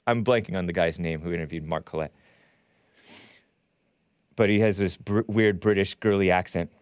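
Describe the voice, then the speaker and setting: A man's voice: fairly low pitch, moderate pace, long pauses, clear, resonant tone, no echo, studio quality. Rambling, sardonic male talk show host. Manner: rambling, sardonic, laughs at own jokes. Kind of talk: solo political talk show monologue.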